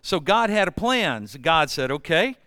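A man's voice: a little high, very animated, normal speed, sharp tone, clean tone, no room sound. A man preaching a sermon, storytelling and then building emphatic repeated refrains. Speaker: pastor.

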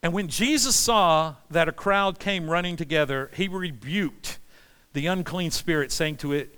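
A man preaching a sermon with passion, swinging between loud pleas and hushed, quiet lines. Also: fairly high pitch, a little slow, clear, resonant tone. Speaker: pastor. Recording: long hall reverb.

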